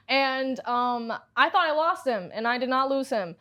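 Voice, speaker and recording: High-voiced woman telling a lively story. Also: brisk, few pauses. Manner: animated storyteller, laughs often, swears freely. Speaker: podcast host. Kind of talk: casual podcast chat.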